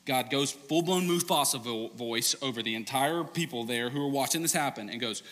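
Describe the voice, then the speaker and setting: A man preaching a sermon as pastor, telling stories in a loose, conversational way and dropping to a hush for key points. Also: normal speed, few pauses. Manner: conversational storytelling, animated, ends low and hushed. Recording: long reverb of a large hall.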